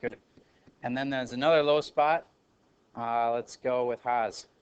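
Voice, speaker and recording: A man's voice: mid-range voice, fairly even intonation, measured pace, clear, resonant tone, no echo, muffled recording. A man teaching a math review lesson in a classroom, talking casually, correcting himself and calling on students. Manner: casual, self-correcting, calls on students by name.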